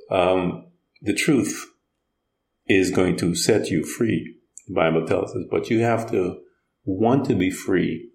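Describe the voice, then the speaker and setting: A gravelly, fairly low-voiced man preaches in an easy conversational way. He retells scripture and acts out the quotes as he goes. His voice rings in a roomy, echoing space. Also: a little mellow. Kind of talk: conversational sermon. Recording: roomy echo.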